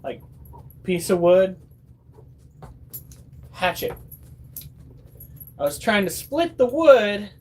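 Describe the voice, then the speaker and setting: A man's voice: sits high, big pitch swings, drawn-out words, long pauses, darkish tone. A man in his thirties vlogging at home, telling stories to his viewers in a chatty, swearing, casual way. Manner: chatty, swears freely, acts out quotes.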